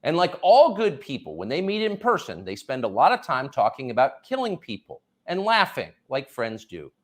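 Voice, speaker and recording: A man hosts a political commentary monologue, dripping with sarcasm and mockery. His pitch leaps and plunges dramatically from line to line, around a middle register. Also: huge pitch swings, normal speed. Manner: sarcastic, mocking delivery. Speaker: commentary host.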